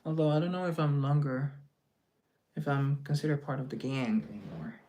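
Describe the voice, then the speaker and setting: A man hosting a casual show, reacting quickly and chattily to viewer comments. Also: medium pitch, dark tone, slight background noise. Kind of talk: casual live chat.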